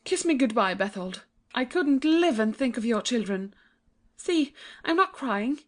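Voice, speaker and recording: A woman voicing a gentle, trusting young princess in a dramatized audiobook, innocent and pleading. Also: a little high, expressive, unhurried. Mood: brave.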